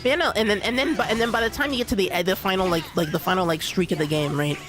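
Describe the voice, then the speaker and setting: A man's voice: high-pitched, rapid-fire. A young man streaming a game, rambling in casual commentary with constant restarts and fillers. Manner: rambling, restarts, lots of "like" and "you know". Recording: game music behind the voice.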